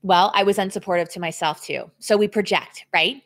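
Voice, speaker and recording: A woman fitness coach chats live with her viewers from home, her pitch sitting in an ordinary middle range. She speaks candidly, breaks off to read comments aloud and thank people by name, and laughs easily, her voice rising and dropping in loudness as she goes. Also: fairly quick. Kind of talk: casual live stream to viewers. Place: indoors at home.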